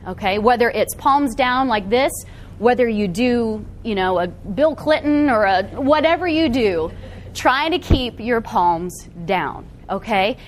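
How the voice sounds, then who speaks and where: Animated, high-voiced woman presenter. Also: a little slow, a little hiss or hum. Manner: animated, often checks in with the audience with "okay?". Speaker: workshop presenter. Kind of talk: live seminar talk to an audience. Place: meeting room with a live audience.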